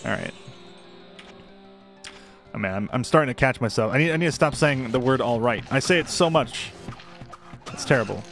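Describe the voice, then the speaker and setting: A man's voice: mid-range voice, animated, moderate pace, creaky, long pauses, a bit bright, soft background music. A young man giving casual, self-deprecating commentary while playing a game, rambling in chatty asides. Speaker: gameplay commentator.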